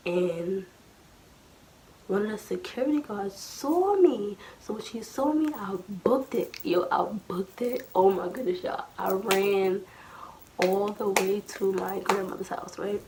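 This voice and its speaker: A young adult woman telling a childhood story in a casual vlog, animated and slangy, acting out what her family said. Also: medium pitch, measured pace, slight background noise. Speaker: storytime vlogger.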